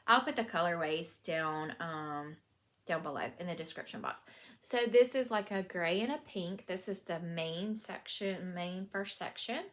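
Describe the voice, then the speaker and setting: A woman's voice: medium pitch, fairly bright tone. Southern US woman, knitting vlogger; chatty, gushing show-and-tell at home, mid-range voice. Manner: gushing, chatty, lots of fillers. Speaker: knitting podcast host. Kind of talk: casual show-and-tell vlog.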